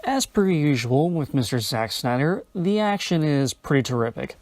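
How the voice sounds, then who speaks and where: A man's voice: a little high, big pitch swings, moderate pace, a little mellow, dry recording. A man giving a casual film review with enthusiastic, wry asides.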